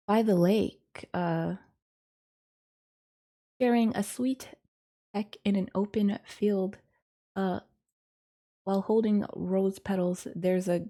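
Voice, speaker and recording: A woman's voice: medium pitch, mellow. A woman teaching a casual lesson, thinking aloud in a rambling, hesitant way with frequent ums and self-corrections. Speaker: course instructor.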